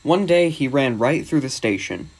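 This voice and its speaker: A man's voice: mid-range voice, expressive, moderate pace, a little mellow, husky. Man narrating a storybook.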